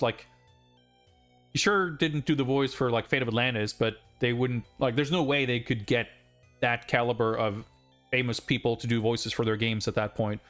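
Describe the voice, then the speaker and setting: A man's voice: mid-range voice, a bit bright. A man casually chatting while streaming a video game live, rambling with lots of fillers and asides.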